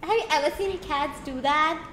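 A young woman streaming a game, chatting casually with playful, teasing, excitable exclamations. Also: sits high, normal speed, reverberant, slight background noise, rough recording. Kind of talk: casual gameplay commentary.

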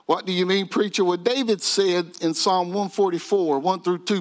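A man's voice: high-pitched, steady tone, normal speed. A male pastor preaching a sermon with rhetorical questions and growing fervor.

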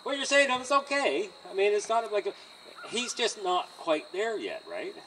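A man training a horse outdoors by a trailer, coaching a student in an encouraging, animated way and often laughing. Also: sits high, normal speed. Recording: distant outdoor mic with insect noise.

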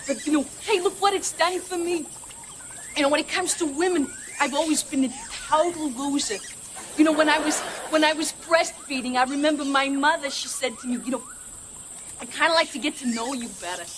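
A nervous, self-deprecating middle-aged man stammers along, stuffing every gap with filler, as a woman acts him out. The voice sits high for a man. The old broadcast recording carries a clear hiss. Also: brisk, a bit bright, poor audio. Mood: rambling. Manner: stammering, endless filler, nebbish. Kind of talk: sketch comedy impression.

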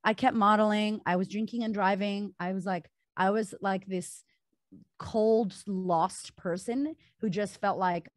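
A woman's voice: medium pitch, fairly even intonation, a little slow, no echo, clean studio sound. A woman guest on a podcast recounting a personal story candidly, with many filler words.

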